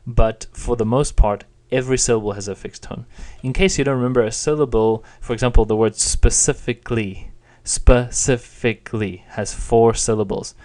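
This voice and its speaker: A man's voice: mid-range voice, warm tone. A young man giving a patient, plain spoken lesson, explaining and demonstrating intonation. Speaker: Chinese teacher.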